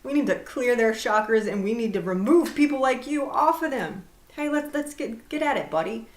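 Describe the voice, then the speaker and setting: A woman voicing a mocking version of herself casually calling a demon buddy over, loud and breezy. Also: on the high side, lively intonation, moderate pace, roomy sound, natural voice.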